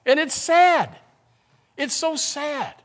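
A middle-aged pastor preaches with a high, bright-pitched voice that leaps up and down. He is animated, acts out everyday complaining, and calls out to his congregation in church. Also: takes it slowly. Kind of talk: sermon. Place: church sanctuary.

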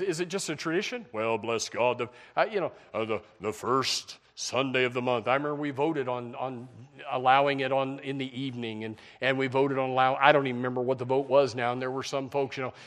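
A man's voice: medium pitch, fairly bright tone. A male pastor preaching a folksy sermon and breaking now and then into mocking put-on voices.

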